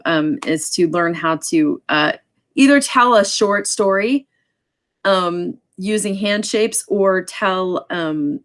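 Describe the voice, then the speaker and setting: A woman with a somewhat low voice leads a relaxed sign language class. She explains things loosely, filling pauses with ums and adding quick asides as she goes. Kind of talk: casual online class lecture.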